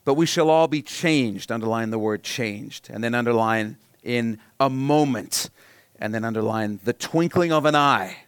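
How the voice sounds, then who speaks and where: A man preaching a sermon as pastor, reading scripture aloud and repeating key points for note-taking, swinging between quiet reading and loud emphatic bursts. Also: medium pitch, smooth, no echo, studio quality.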